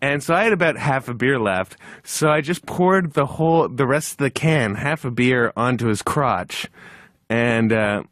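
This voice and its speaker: A man's voice: mid-range voice, moderate pace, no echo, studio quality. A man in his thirties, telling a comic anecdote as a podcast guest. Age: 30s. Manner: animated anecdote, shouting when he quotes others. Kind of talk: comedic storytelling on a podcast.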